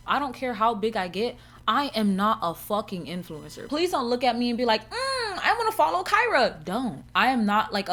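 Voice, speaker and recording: Frank, profane young woman podcast host. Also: fairly high pitch. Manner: blunt, profane and candid; animated, with laughs and shifting emphasis. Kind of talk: casual solo podcast chat.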